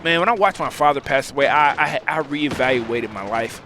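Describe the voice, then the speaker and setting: A man's voice: mid-range voice, animated, moderate pace, noisy background. A man, a gaming channel host, speaking a heartfelt personal monologue, choked up and repeating himself in a preacherly way. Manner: heartfelt, repetitive, preacherly phrasing.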